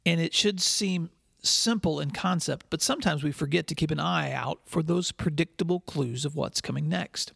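A man with a somewhat high, gravelly voice delivers a scripted podcast monologue. He tells his story in an earnest, measured way, and the recording is close and dry. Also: fairly bright tone, no room sound. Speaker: podcast host and school leadership speaker.

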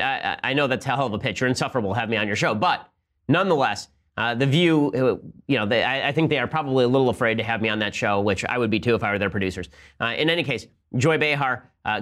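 A male talk show host who speaks at a fast clip in a sarcastic, combative voice. His pitch sits in the middle, and he fires off asides and quick rebuttals in a steady stream. The delivery is pointed and relentless. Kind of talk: fast opinionated commentary with ad read.

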